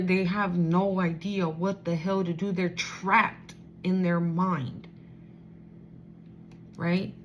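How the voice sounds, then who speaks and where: A woman's voice: on the low side, a little hiss or hum. A woman giving a casual spiritual card reading, blunt, profane and streetwise, turning emotional as she reads. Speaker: tarot reader.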